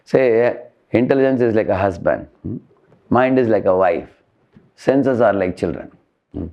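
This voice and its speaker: A man's voice: fairly low pitch, normal speed, gravelly, long pauses, lo-fi sound. A man giving a spiritual lecture to college students, tagging points with a questioning "huh?" and explaining through everyday analogies. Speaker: spiritual teacher.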